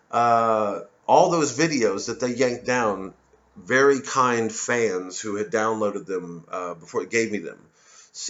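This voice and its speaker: A low-pitched American man from Missouri rants in a loose, profane monologue, circling back and restarting his sentences. The sound is dull and lo-fi, like a home recording. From Missouri, USA. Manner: ranting, profane, digressive with many restarts. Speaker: comedian hosting his own show. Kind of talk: rambling monologue to camera.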